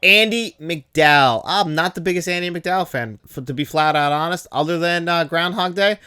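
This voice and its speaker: A man's voice: a little high, a little fast, pushed and bright, smooth. A man in his thirties hosting a casual movie talk show, enthusiastic and laughing now and then. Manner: enthusiastic, laughs at quoted lines. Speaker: host.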